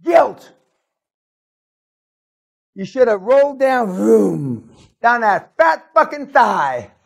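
High-pitched shouting man berating listeners. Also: sing-song, takes it slowly, creaky. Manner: profane, berating, shouts often. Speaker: business seminar speaker. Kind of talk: aggressive motivational seminar rant.

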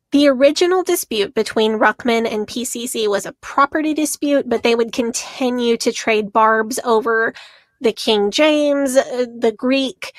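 A woman podcast co-host with a somewhat high voice talks animatedly through a story. She laughs easily as she reads out quotes. The sound is dry and close to the mic. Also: no room sound. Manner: lively storytelling, laughing often while reading out quotes. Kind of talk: casual podcast chat.

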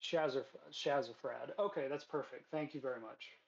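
A man narrating a tabletop game as game master, in a casual, halting way. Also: medium pitch, gravelly, highs cut off. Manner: casual, hesitant, with fillers.

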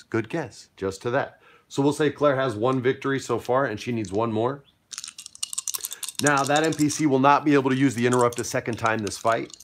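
An upbeat man runs a pirate tabletop game, explaining rules and narrating the action. His voice sits at an everyday middle pitch, and his tone is playful and chatty. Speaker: game master.

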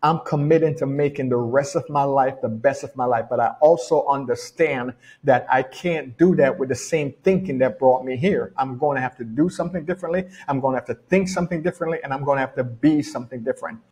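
A man's voice: medium pitch, fairly quick, few pauses, darkish tone. A middle-aged man with a Jamaican accent gives a casual motivational talk as a personal development coach, repeating his key phrases for emphasis. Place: home in rainy weather.

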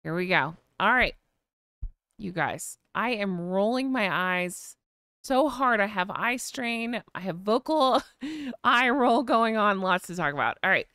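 A woman's voice: mid-range voice, expressive, a little slow, pushed and bright, clean tone, no echo, studio quality. An American woman hosting a live chat, chatting casually, reading viewer comments and sighing with vocal eye rolls. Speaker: live stream host.

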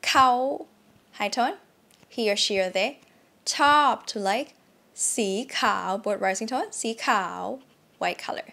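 A Thai woman leads a language lesson in English with a bright, clear voice. She drills each word several times, swinging the pitch up and down to show the tones. She keeps checking in with her learners as she goes. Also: animated, fast. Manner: repeats words with sharply varied tones, often checks in with "yeah?". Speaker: language teacher.

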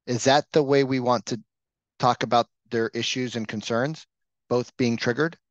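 A man's voice: medium pitch, fairly even intonation, moderate pace, no room sound, dull audio. A man leading a sales training session, talking casually and coaching the room with frequent questions. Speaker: real estate sales trainer. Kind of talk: live training session talk.

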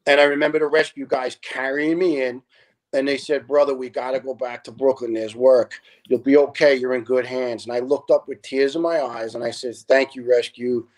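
A middle-aged retired fire lieutenant, a guest in a casual interview, telling stories earnestly and acting out the people in them. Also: male voice, medium pitch, fairly even intonation, moderate pace, poor audio. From New York. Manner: earnest storyteller, quotes people in their own voices.

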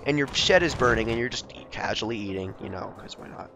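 A young man giving jokey, excitable commentary over a video game he is playing, often talking to the characters on screen. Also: fairly low pitch, quick pace, vocal fry, hardly any pauses, slight background noise. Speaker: gameplay commentator. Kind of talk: let's play commentary.

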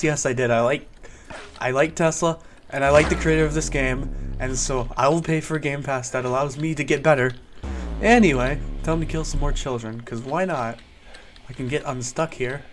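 A man's voice: on the high side, background noise. A man giving casual gameplay commentary as a gaming YouTuber, joking and mock-serious while he chats at other players.

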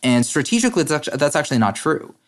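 Analytical man with brisk, filler-heavy talk. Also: fairly high pitch, very animated. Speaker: guest, head of a democracy advocacy group. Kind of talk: podcast interview.

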